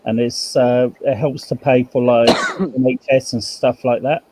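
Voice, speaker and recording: A man's voice: mid-range voice, level tone, unhurried, background noise. A British man in a casual group chat who talks hesitantly and stammers.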